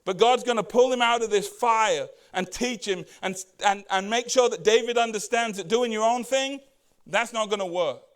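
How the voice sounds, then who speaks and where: In a notably high voice, a man preaches a casual, conversational sermon as pastor. He fires rhetorical questions at the congregation and shifts into quick voices to quote Bible characters.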